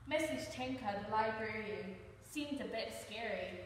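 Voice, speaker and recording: A young woman reading a picture book aloud to children, with a lively, upbeat storytelling manner. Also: on the high side, measured pace, hardly any pauses, a little hiss or hum. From Scotland. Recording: roomy echo, far from the mic.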